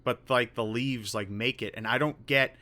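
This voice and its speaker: A young man with a bright, forward voice talks casually as a co-host. He rambles, swears freely and restarts his sentences, keeping it loose and conversational. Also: mid-range voice, fairly even intonation, normal speed. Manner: rambling, swearing, repeats himself. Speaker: podcast co-host. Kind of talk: casual chat.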